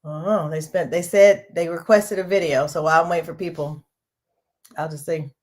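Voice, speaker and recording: Chatty woman host, lower-pitched voice. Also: steady tone, a little fast, darkish tone. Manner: chatty, loose, talking to viewers. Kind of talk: casual livestream chat. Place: small home studio.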